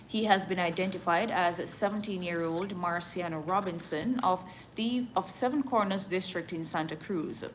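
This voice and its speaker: A woman's voice: lowish voice, a little hiss or hum, low-quality recording. A Jamaican woman reading the news and chatting with viewers, with laughing asides and a switch between patois and standard English. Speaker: news reader and live streamer.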